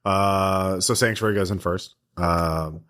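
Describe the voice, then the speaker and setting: A man narrating as game master of a tabletop game in a relaxed, hesitant way with lots of fillers. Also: low voice, slow.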